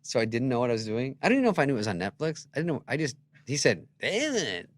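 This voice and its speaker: Man, guest comedian, rambling anecdotes, lively swooping pitch, casual storytelling. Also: racing, no echo. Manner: rambling, self-interrupting anecdotes with acted-out quotes.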